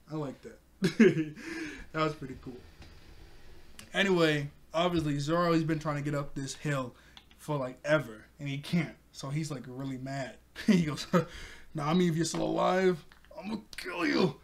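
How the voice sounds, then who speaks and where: A man's voice: fairly high pitch, a little hiss or hum. Chatty, giggly young man recapping. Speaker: anime reviewer. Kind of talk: casual episode recap.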